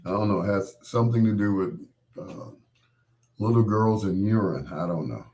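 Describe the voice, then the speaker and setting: At normal speed and in a fairly low, slightly mellow voice, a middle-aged man hosts a live stream. Recovering from a bout of illness that took his voice, he jokes around, rambles, and speaks directly to the people watching.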